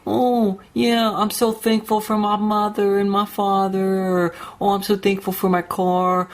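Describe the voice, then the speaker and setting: Podcast host, young man, mid-pitched, swears constantly, sneers as he mocks people. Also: fairly bright tone. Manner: profane, sarcastic ranting with mocking put-on quotes. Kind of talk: solo podcast rant.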